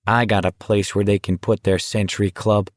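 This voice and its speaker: A man voicing a crude, sneering teenage boy with a flat Midwestern accent, cursing at a crowd. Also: lowish voice, moderate pace, no room sound, studio quality, close to an everyday voice. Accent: flat Midwestern American.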